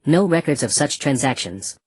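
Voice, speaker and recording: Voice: medium pitch, lively intonation, normal speed, darkish tone, husky, dry recording, clean studio sound. A narrator voicing a cruel, mocking male slave trader in a black robe, speaking casually and scornfully. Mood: cold mockery. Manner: casual, scornful, matter-of-fact.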